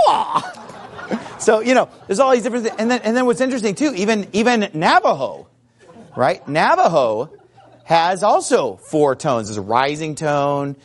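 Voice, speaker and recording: A man giving a chatty, informal lecture to a class, animated and fond of imitating sounds. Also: a little high. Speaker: teacher. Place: Arizona.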